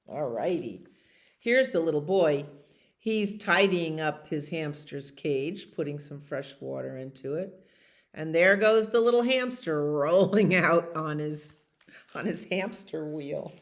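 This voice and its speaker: A woman librarian reading a bedtime story aloud to children, gentle and expressive, with chatty asides. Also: sits low, slow.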